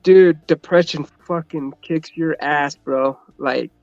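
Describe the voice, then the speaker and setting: A man's voice: on the high side, slow pace, no room sound, dull audio, faint music behind. A man in casual podcast chat, laid-back and swearing, calling others bro.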